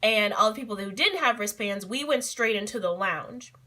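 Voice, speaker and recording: A young adult woman vlogger telling a story in a casual, excitable and giggly way, with many fillers. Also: mid-range voice, normal speed. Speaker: beauty vlogger.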